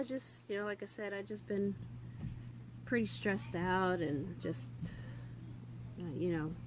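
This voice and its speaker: A young woman with a Southern US accent, talking candidly in a casual vlog, halting with many fillers and restarts and swearing freely. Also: mid-range voice, slight background noise, low-quality recording. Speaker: vlogger. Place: home room. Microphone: phone on a stand.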